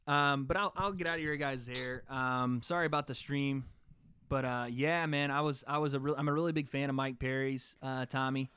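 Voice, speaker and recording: A man's voice: medium pitch, steady tone, moderate pace, pushed and bright, smooth. A young man hosting a casual livestream chat, joking around and reading out viewer comments. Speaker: host.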